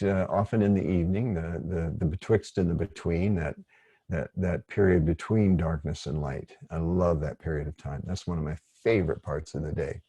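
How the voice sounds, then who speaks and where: A man leading an online workshop, speaking in a gentle, rambling, digressive way. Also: low voice, slightly rough, no echo. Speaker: workshop facilitator.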